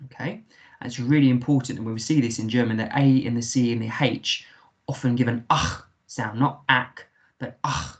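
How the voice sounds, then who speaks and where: A man's voice: mid-range voice, fairly even intonation, brisk, darkish tone. A man with an English accent, a primary school teacher giving a recorded remote lesson, patiently sounding out words letter by letter.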